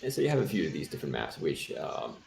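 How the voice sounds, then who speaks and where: An Australian man commentates a live game tournament in a chatty, joking way. His voice sits very low with a gravelly edge. He sounds echoey, with faint music playing behind him. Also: wildly swooping pitch, fast talker, a little mellow. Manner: joking, chatty, laughs often. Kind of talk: casual live-stream commentary.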